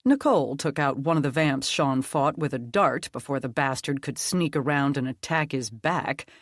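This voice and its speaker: An audiobook narrator reading a dark fantasy story in a steady, measured way. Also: medium pitch, dry recording, studio quality.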